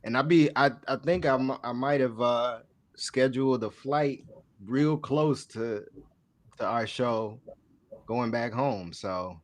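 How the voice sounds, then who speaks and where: A man's voice: mid-range voice, slow. Cohost guy hyping his buddy up, casual podcast banter. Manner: hype, encouraging reactions. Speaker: podcast co-host. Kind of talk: casual chat.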